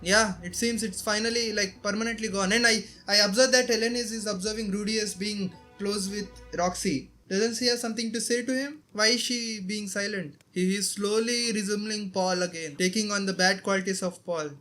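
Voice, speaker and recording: Indian-accented male reactor, bright tense tone, emotional running commentary on an anime episode. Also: high-pitched, fairly even intonation, moderate pace, few pauses, faint music behind. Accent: Indian English. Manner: talks back at the screen, emotional and exclaiming.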